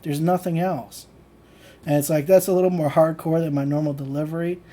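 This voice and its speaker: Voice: mid-range voice, fairly even intonation, fairly quick, dark tone. Blunt, profane livestream ranter. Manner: loose and conversational, full of "like" fillers; laughs between points. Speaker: channel host teaching manifestation. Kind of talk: casual livestream rant.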